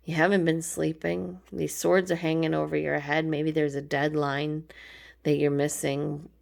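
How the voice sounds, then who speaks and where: A woman's voice: low-pitched, little pitch movement, a little slow, gravelly, a little mellow. A woman giving a casual, chatty tarot card reading, informal and affectionate, with frequent ums. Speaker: tarot reader.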